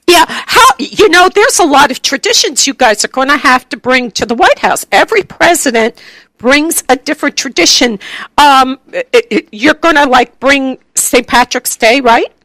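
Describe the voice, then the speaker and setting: High-pitched woman host, bright voice, rambly bawdy joking, dry sound. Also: expressive, normal speed, no echo. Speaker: show host. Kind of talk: casual radio talk show chat.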